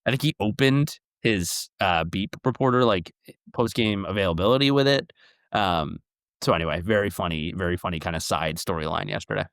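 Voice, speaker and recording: A young man co-hosting a casual sports podcast, talking in an excitable way that jumps into loud animated bursts. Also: sits low, fairly quick, clear, resonant tone, dry recording, studio quality. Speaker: podcast co-host.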